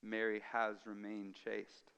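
A man delivers a sermon with a bright, smooth, ringing voice. He drops to near whispers and then builds to emphatic peaks. His words trail off into the long reverb of a large hall. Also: fairly low pitch, completely flat delivery, slow pace, muffled recording. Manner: dramatic swings from hushed to emphatic. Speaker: pastor.

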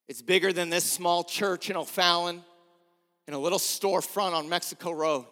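Preacher guy, really high pitched, fired up, long church echo. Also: fairly even intonation, normal speed, pushed and bright. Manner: impassioned preaching, urging the congregation to repeat lines. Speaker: pastor. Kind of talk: sermon. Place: small storefront church. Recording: reverberant church hall.

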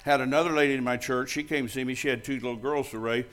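An older man preaches to his congregation in a blunt, storytelling way. His voice sits at an ordinary middle pitch, and he acts out both sides of past conversations. When he jokes with the crowd he gets loud and bold. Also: steady tone, fast talker. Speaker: pastor. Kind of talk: sermon.

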